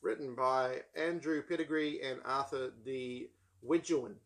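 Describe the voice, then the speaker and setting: A man with a New Zealand accent chats casually about books, rambling and wry, with plenty of ums and asides. His voice sits at a middling pitch for a man. He hosts in a relaxed, offhand way. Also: a little slow. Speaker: book channel host. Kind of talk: casual book haul chat.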